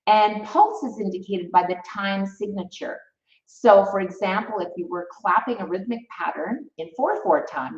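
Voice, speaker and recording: A woman's voice: medium pitch, animated, normal speed. A woman teaching music theory in a live stream, chatty and encouraging, reading out viewers' comments as she goes. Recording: roomy, distant, slightly dull mic.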